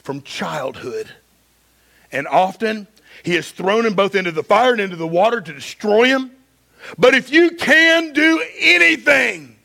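A man's voice: high voice, animated, normal speed, fairly bright tone, heavily acted. A preacher reading aloud as a desperate father who begs for his son and cries out. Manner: pleading, voice rising to cries. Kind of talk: dramatic scripture reading.

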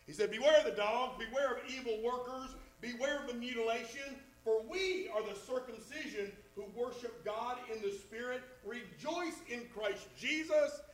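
In a very high voice, a man emphatically preaches a sermon to his congregation, stretching out the stress on key words. The recording quality is low.

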